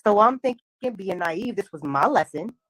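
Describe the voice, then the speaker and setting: A woman casually telling a long personal spiritual story, animated, full of slang and acted-out dialogue. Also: mid-range voice, normal speed, no echo, poor audio.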